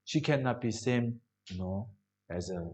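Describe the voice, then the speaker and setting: A male preacher giving a sermon in broken English. He often asks the congregation rhetorical questions and swings between loud emphasis and soft drops. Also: mid-range voice, lively intonation, unhurried.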